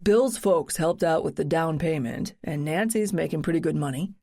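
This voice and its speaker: A woman's voice: low-pitched, moderate pace, warm tone. A woman doing a breezy young boyfriend. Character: young man, upbeat eager boyfriend.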